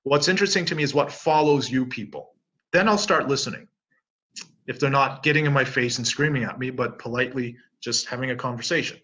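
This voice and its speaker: Bright, animated Canadian-born man telling stories. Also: medium pitch, a little fast. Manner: animated storyteller, acts out both sides of conversations. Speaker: interview guest. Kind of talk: casual interview talk. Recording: dull lo-fi audio.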